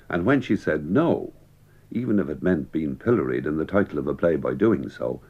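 Wry deep-voiced man, muffled archive. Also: very animated, moderate pace, breathy edge. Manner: wry, dramatic storyteller. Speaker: former actor recalling theatre days. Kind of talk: archival spoken memoir.

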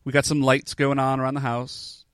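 A man's voice: mid-range voice, little pitch movement, moderate pace, a bit bright, smooth, dry recording. A young man co-hosting a podcast in casual chat, laid-back and peppering his talk with "like". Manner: laid-back, says "like" often. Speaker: podcast co-host.

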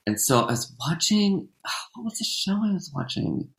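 An actor talks in a loose, rambling way, full of "like"s and restarts. The voice sits at a middling pitch, and the room gives it a noticeable echo. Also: big pitch swings, moderate pace, gravelly. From United States. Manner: chatty, rambling, many restarts and "like"s. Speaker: guest, actor. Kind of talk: casual podcast chat. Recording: roomy echo.

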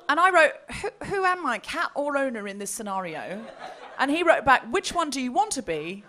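A woman hosts a live comedy show on stage and tells a funny story. Her voice is high and bright, and it swoops up and down as she acts out silly messages in put-on voices, laughing along the way. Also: normal speed, a little hiss or hum. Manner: animated, laughing, quoting messages in mock voices. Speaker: podcast co-host telling a story.

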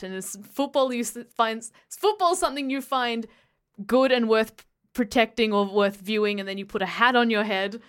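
A woman's voice: medium pitch, clean tone. A woman from Australia co-hosting a podcast, playfully building mock-earnest theories in casual banter. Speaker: podcast co-host.

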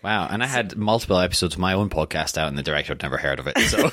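Scottish male guest, self-deprecating humor, lively delivery, recorded in a dry home studio. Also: deep voice, a little fast, no echo. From Scotland. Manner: jokey, self-deprecating, swears casually. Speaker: podcast guest, actor. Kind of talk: casual chat. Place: home podcast studio in a spare room. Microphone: studio microphone.

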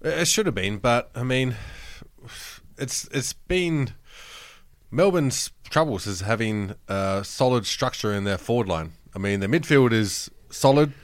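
A man's voice: medium pitch, animated, unhurried, clean tone, no room sound, clean studio sound. A man, chatting casually about football, joking and swearing as he tells rambling stories. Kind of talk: casual sports chat.

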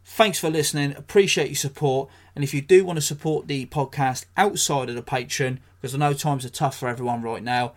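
A man's voice: medium pitch, brisk, hardly any pauses. English guy doing his solo podcast, swears a lot, blunt rants, dry jokes. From England. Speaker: podcast host.

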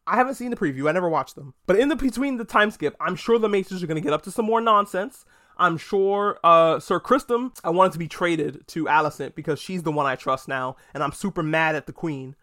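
A man hosting a podcast, recapping a TV episode in a casual, animated, profane and gossipy way, slipping into quick mock voices. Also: high-pitched. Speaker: podcast host.

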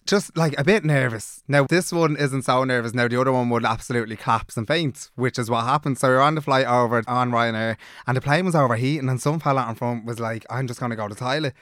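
A man's voice: mid-range voice, fast talker, hardly any pauses, fairly bright tone, dry recording, clean studio sound. A young man with a Dublin accent, co-hosting a podcast and telling a story in casual chat, swearing a lot and acting out the people he quotes. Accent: Irish, Dublin. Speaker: podcast co-host.

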